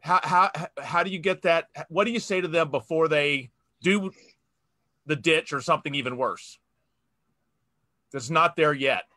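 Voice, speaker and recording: Bright-voiced male host, rambling. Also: on the high side, a little slow, long pauses, dry recording, clean studio sound. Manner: rambling, hesitant questions with many fillers. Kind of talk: casual interview talk.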